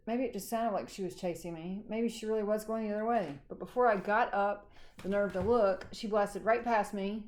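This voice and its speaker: A woman teacher reading a chapter book aloud to her class, unhurried and friendly. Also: mid-range voice, a little mellow.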